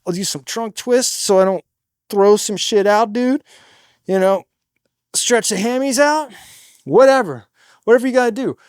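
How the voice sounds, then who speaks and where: A man with a high, light speaking voice shares stage tips in a relaxed, slangy way, swearing freely. The sound is close and dry. He sometimes bursts into loud stage patter to show how it is done. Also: moderate pace, pauses often, smooth, dry recording. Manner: demonstrates stage patter by suddenly getting loud. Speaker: singer in a cover band. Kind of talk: casual advice monologue.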